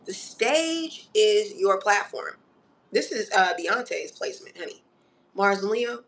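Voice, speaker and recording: A woman's voice: medium pitch, very animated, takes it slowly, fairly bright tone. Coaching woman giving an astrology reading. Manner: coaching, repeats "okay?", calls listener honey and darling. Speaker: astrology reader. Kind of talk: casual spoken astrology reading.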